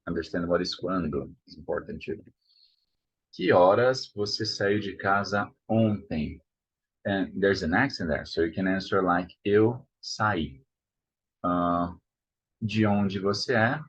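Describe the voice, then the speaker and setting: A Brazilian man teaching Portuguese, saying each word slowly and repeating it to model the pronunciation. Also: sits low, husky. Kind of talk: language lesson. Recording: dull lo-fi sound.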